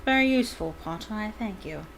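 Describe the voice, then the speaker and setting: A woman's voice: mid-range voice, expressive, a little fast, fairly bright tone. A woman reading aloud and voicing a cold, sneering male wizard professor who speaks in a silky, menacing, hissing way.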